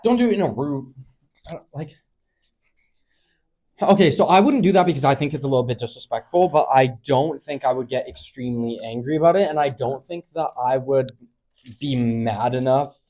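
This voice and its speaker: A man's voice: mid-range voice, normal speed, dark tone. A young man co-hosting a podcast, chatting casually in a rambling way full of fillers. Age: young adult. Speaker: podcast co-host. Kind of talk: casual chat.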